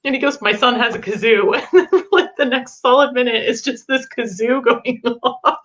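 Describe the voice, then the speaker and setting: A woman's voice: on the high side, moderate pace, fairly bright tone. A woman co-hosting a casual chat, laughing often as she tells stories. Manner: giggly, laughs through her stories. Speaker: podcast co-host, game demo runner. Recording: slightly dull lo-fi sound.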